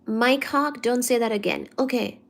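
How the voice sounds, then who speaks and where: A woman hosting a casual live stream, reading viewer comments aloud and teasing back in a careful, clearly articulated way. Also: a little high, normal speed. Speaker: livestream host.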